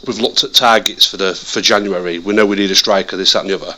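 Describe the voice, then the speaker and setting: A man chatting casually about football as a podcast co-host, animated and often repeating words as he restarts his sentences. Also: deep voice, fast. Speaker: podcast co-host, Leeds fan.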